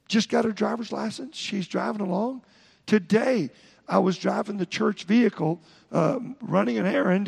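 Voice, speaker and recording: A man's voice: sits high, creaky, darkish tone, slightly rough, in a large hall. An older man preaching a sermon, telling folksy stories and quoting voices. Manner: folksy storytelling with quoted voices. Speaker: pastor.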